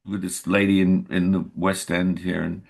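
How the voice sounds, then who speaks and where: A man's voice: deep voice, flat delivery, moderate pace, gravelly, darkish tone. An older man from England, an actor guest in a casual interview, telling anecdotes and acting out quoted dialogue.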